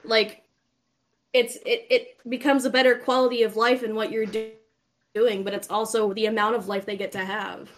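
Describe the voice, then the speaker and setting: Young woman podcast co-host, high-ish voice, rambling and loose, swears a lot. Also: level tone, moderate pace. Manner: rambling, chatty, swears freely. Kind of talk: casual stoned chat.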